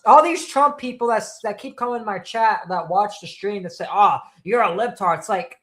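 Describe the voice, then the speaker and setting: A man's voice: high-pitched, lively intonation, a little fast, a bit bright. A man co-hosting a live stream, cutting in indignantly during a heated political chat. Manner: indignant, interjecting.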